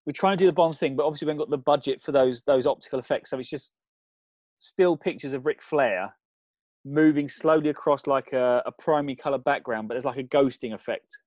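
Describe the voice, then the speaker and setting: A man co-hosting a comedy chat, rambling through an absurd film pitch with lots of ums. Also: brisk, darkish tone, no echo, muffled recording. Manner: rambling, builds absurd scenarios with fillers.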